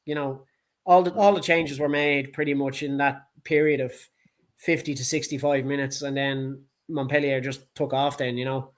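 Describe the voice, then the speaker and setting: A man's voice: medium pitch, flat delivery, normal speed. A man with a Dublin accent co-hosting a casual sports chat, blunt, heated and full of swearing. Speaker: podcast co-host.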